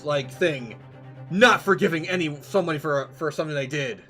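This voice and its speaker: Giggly, high-pitched game streamer man. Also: moderate pace, music in the background. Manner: giggly, rambling with fillers, swears. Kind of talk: casual let's-play commentary.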